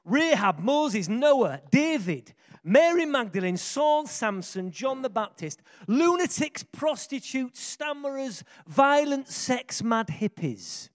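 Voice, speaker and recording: Man, high voice, very lively pitch, excitable jokey preaching. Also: slow, few pauses. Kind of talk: lively sermon storytelling.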